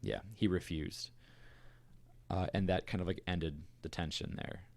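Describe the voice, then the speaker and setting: Very deep-voiced man on a podcast. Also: measured pace, vocal fry. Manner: relaxed and conversational, with fillers and asides. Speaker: podcast co-host. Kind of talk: casual storytelling chat.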